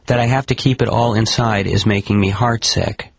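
A man's voice: fairly low pitch, steady tone, normal speed, creaky, breathy edge, no echo, muffled recording. A man voicing a lonely, earnest male talking tortoise in a plaintive, confessional way.

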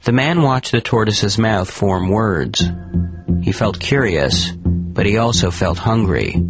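A man narrating a scripted story on the radio in a calm, measured way. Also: on the low side. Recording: muffled radio broadcast with music.

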